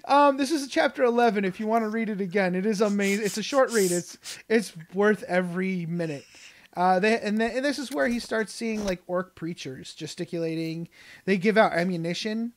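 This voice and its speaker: An enthusiastic podcast co-host in casual chat, gushing about a favorite book. The talk rambles with restarts, fillers and bursts of laughter, at a middle pitch. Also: brisk.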